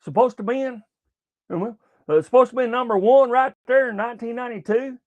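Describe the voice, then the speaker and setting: A man's voice: very high-pitched, a little fast, dry recording, narrow, tinny audio. An older man, hosting a casual sports talk show, rambling with lots of profanity and stumbling restarts.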